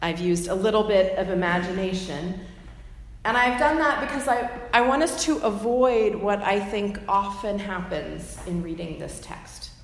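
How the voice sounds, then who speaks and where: A woman preaching a sermon, retelling a story with imaginative detail and gentle asides. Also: medium pitch, a little slow, slight background noise. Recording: echoey hall with faint ambience.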